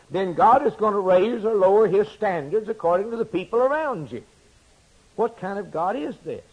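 A man preaching a sermon, swinging between loud emphatic declarations and hushed, quiet asides. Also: sits high, expressive, moderate pace, slightly rough, poor audio.

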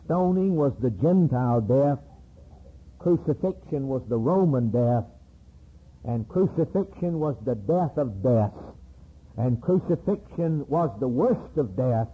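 A man's voice: mid-range voice, expressive, unhurried, husky. A man preaching a solemn, emphatic sermon with many repeated phrases. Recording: tinny, phone-like old sermon tape.

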